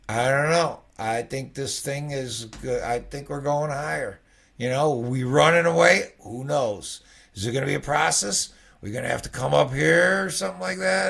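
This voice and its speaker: Gravelly man rambling through market charts. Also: a little high, fairly bright tone. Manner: rambling, conversational, peppered with "okay?". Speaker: futures trading educator. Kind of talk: casual chart walkthrough.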